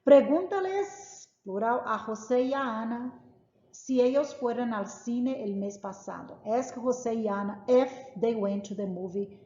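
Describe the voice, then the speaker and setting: A woman's voice: fairly high pitch, moderate pace, warm tone. Patient woman teaching in an echoey room. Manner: patient, emphatic, repeats examples. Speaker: Spanish teacher. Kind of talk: classroom lesson explaining grammar. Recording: roomy, echoey, dull lo-fi sound.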